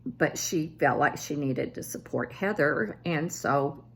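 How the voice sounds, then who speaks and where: A woman in her seventies vlogs casually about her family, poking fun at herself and livening up whenever she quotes relatives. Her voice is low and a little slow, with slight noise in the background.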